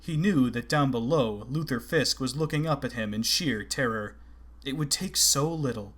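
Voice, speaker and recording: Man, audiobook narrator, steady measured reading, mid-pitched voice.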